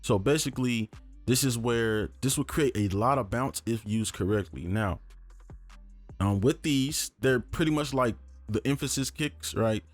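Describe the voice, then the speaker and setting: A man's voice: mid-range voice, unhurried, soft background music. A young man casually teaching beat production in a tutorial, talking loosely with fillers as he works. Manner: relaxed, conversational, lots of fillers like "um" and "right?". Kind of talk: casual screen-recorded tutorial.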